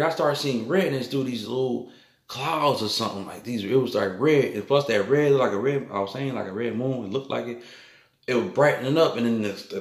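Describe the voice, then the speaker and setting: A man recounting a vivid dream in a rambling, repetitive way, full of loose fillers. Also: mid-range voice. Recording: echoey room.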